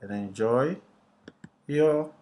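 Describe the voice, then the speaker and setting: A man teaching a recorded lesson, explaining deliberately and putting rhetorical questions to his students before answering them himself. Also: mid-range voice, mellow.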